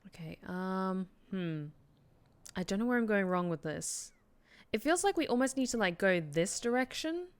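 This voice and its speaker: A woman's voice: medium pitch, animated, normal speed, clean tone. A woman streaming a game, thinking aloud in casual, hesitant chat full of fillers. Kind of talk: casual gameplay commentary.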